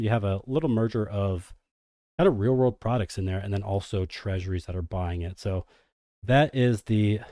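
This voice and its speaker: A man's voice: fairly low pitch, no room sound, clean studio sound. A man hosting a casual crypto livestream, talking energetically to his viewers and calling them degens. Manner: energetic, hype-driven, addresses viewers as degens.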